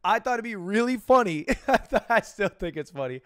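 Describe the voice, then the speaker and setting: Animated young man with a lively voice. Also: high voice, a little fast, clear, resonant tone. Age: 20s. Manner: animated, laughing, filler-heavy rambling. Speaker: streamer reacting to a video. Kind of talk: casual reaction commentary.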